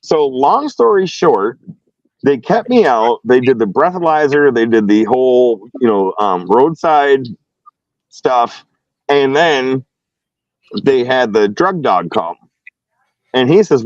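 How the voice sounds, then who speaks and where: Animated man telling a story. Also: mid-range voice, measured pace, no room sound, highs cut off. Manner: animated, acts out both sides of a dialogue. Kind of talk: casual storytelling.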